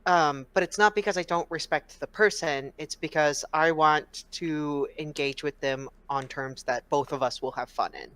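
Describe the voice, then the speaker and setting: A woman guest in casual chat, measured and thoughtful. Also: deep voice, a bit bright, clean tone. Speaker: podcast guest.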